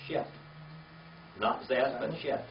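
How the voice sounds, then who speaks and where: An older male Bible teacher leads a small classroom group through a Hebrew reading lesson, speaking slowly and patiently and spelling words out letter by letter. His voice is mid-range with fairly even intonation. The dull, lo-fi recording sounds echoey and distant, with slight background noise.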